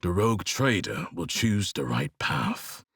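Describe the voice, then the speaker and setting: A man's voice: deep voice, sing-song, a little slow, creaky, a bit bright, husky, no room sound, clean studio sound, exaggerated voice. An actor playing a grim male inquisitor, stern and dismissive. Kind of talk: video game voice acting.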